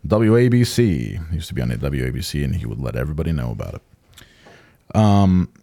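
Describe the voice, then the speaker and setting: A man in his forties hosting a casual podcast chat, excitable and profane, laughing often. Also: very deep voice, brisk, creaky, dry recording. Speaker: podcast host.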